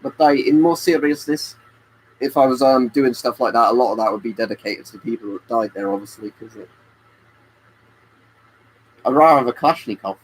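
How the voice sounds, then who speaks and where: Man streaming live, mid-pitched voice, casual rambling chat, faint hiss behind. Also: brisk, long pauses, rough recording. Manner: rambling, answers chat by name. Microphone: webcam stream mic.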